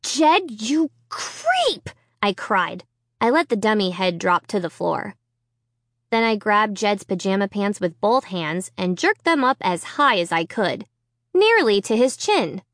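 Audiobook casting: woman narrator, slow and unhurried, lively melodic delivery, close dry sound. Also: medium pitch, dry recording. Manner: expressive, dramatic reading. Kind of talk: first-person story narration.

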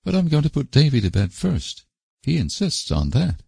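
A man voicing a gentle, kind young woman who talks to a child patiently in a storybook reading. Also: on the low side, big pitch swings, a little slow, creaky, husky, dry recording, pitched above the performer's own voice, exaggerated voice. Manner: soft, patient, coaxing.

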